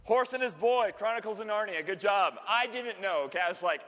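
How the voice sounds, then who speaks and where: A man's voice: sits high, lively intonation, fairly quick, a bit bright. A man preaching a casual, joking sermon to a group, chatty and often laughing. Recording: long hall reverb.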